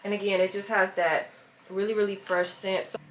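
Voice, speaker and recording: A woman's voice: medium pitch, little pitch movement, normal speed, slight background noise. A young adult woman vlogger, chatting casually and sassily to her viewers. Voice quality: sassy, chatty, lots of "girl" and "baby". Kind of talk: casual chat to camera. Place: at home, voiceover then sitting at a table.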